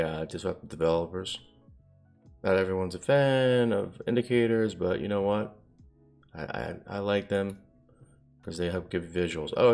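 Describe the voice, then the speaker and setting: A man with a low, slightly mellow voice and vocal fry streams his day trading live. He talks casually to viewers and rambles, muttering to himself at the screen as he reads the charts.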